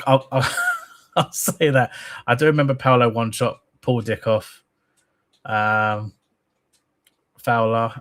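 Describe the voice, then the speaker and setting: A man's voice: lowish voice, a bit bright. Man hosting a casual football live stream; rambling, chatty, reads viewers' comments aloud. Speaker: host of a football fan channel.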